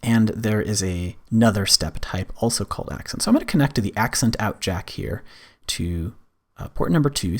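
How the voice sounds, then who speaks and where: A man presenting a screen-recorded music software tutorial, explaining step by step in a relaxed way with frequent fillers. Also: lowish voice, breathy edge.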